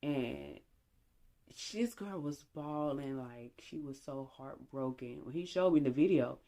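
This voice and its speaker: Low-voiced woman telling a story. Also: unhurried. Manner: animated, chatty, acts out dialogue. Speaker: storytime vlogger. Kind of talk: casual storytime.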